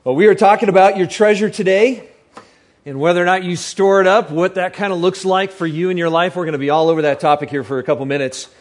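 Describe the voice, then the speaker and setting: A high-voiced man delivers a casual sermon. He jokes and keeps throwing questions out to the listeners in front of him. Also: fairly even intonation, fast talker. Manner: chatty, joking, asks the crowd questions. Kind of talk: sermon to a live audience.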